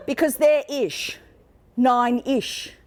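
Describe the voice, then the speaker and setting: A middle-aged woman coaches a room full of listeners from the stage, speaking through a microphone. Her voice sits a touch high for a woman, and she keeps it lively and playful, dropping into quick mock voices of the people she describes. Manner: lively, playful, mimics people in quoted asides. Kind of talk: live seminar talk with slides. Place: conference room with an audience.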